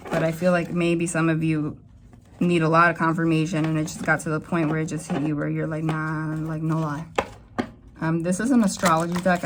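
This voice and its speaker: A young woman talks through a tarot reading straight to her viewers. She rambles and doubles back, and her voice jumps up in sudden bursts of excitement. Her voice sits a little low for a woman. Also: noisy background. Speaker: tarot reader. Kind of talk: casual tarot reading to camera.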